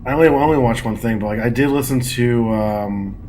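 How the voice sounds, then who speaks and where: A man co-hosting a podcast in casual chat, speaking haltingly and searching for words. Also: medium pitch, darkish tone, a little hiss or hum, low-quality recording. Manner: halting, many fillers and restarts. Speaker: podcast co-host.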